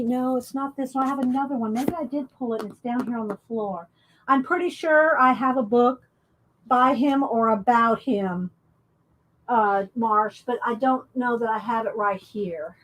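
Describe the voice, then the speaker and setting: A woman with a slightly high voice talks in a loose, rambling way, full of ums and self-corrections. It sounds like casual show-and-tell chat to viewers. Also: unhurried, slight background noise. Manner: rambling, chatty, many fillers and restarts. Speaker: art book vlogger.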